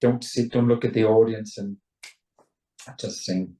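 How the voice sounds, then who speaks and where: Chatty Welsh singer on a roomy call. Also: male voice, fairly low pitch, steady tone, unhurried, dark tone, far from the mic. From Wales. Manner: chatty, rambling, stammers into restarts, mimics voices. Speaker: rock singer, interview guest. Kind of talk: casual video call interview. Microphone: video call.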